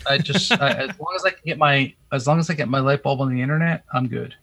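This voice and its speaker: A man's voice: mid-range voice, fast talker, pushed and bright, no echo. A man co-hosting a casual tech podcast, telling stories in a dry, hesitant way with many fillers. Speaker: podcast co-host.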